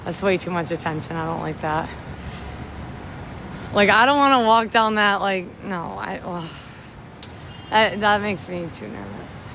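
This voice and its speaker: Young woman, livestream host, rambling casual chat, phone mic, loud traffic around her. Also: medium pitch, animated, measured pace, gravelly, long pauses. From upstate New York. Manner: chatty, rambling, reads out and thanks viewers. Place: city street at night, outdoors in rain. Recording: street noise under the voice.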